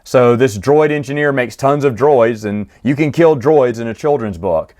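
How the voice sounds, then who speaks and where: A man's voice: medium pitch, moderate pace, darkish tone. Chatty man recapping a book. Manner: chatty, amused, acts out quotes. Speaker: book reviewer.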